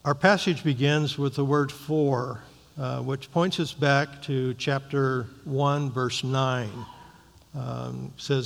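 A man leading a Bible study, reading scripture aloud and then explaining it in a measured way, with frequent ums and uhs. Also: medium pitch, steady tone, vocal fry. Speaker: Bible teacher. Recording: long reverberant hall.

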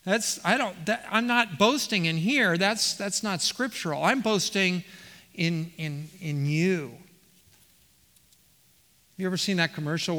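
A man's voice: high-pitched, unhurried, sharp tone. A man preaching a verse-by-verse sermon as the pastor, reading passages aloud and often restarting his phrases. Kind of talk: expository sermon. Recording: reverberant hall.

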